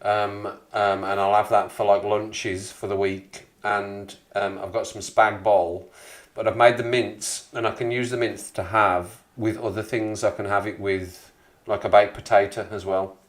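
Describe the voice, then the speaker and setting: A man's voice: on the low side, flat delivery, unhurried. A man in his forties hosting a casual live stream, rambling and chuckling as he greets viewers in the chat. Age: 40s. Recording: echoey room.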